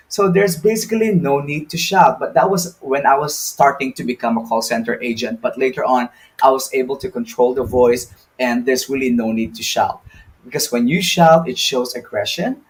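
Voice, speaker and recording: A man's voice: on the high side, moderate pace. A young adult man with a Filipino accent, teaching an online lesson in a loose, chatty way with many fillers and asides. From Philippines.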